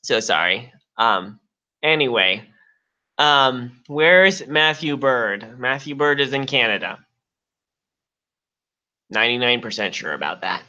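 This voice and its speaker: A man's voice: medium pitch, animated, slow pace, long pauses, sharp tone, muffled recording. A man co-hosting a live stream, clowning in a mock-dramatic, self-pitying tone. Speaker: co-host. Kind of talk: joking live stream chat.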